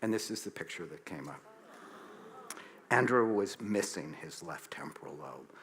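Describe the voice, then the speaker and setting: Animated man telling a story on stage. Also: normal speed, a little hiss or hum. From United States. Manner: animated, acts out dialogue with shifts in pitch and loudness. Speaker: psychiatrist giving a lecture. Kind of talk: storytelling talk to an audience.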